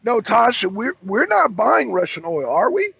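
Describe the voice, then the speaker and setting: A man's voice: high voice, huge pitch swings, moderate pace, gravelly, fairly bright tone, slightly rough. A man hosting a casual political talk show, speaking emphatically with a caller, repeating himself and restarting sentences often. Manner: emphatic and repetitive, with frequent restarts. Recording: dull lo-fi sound.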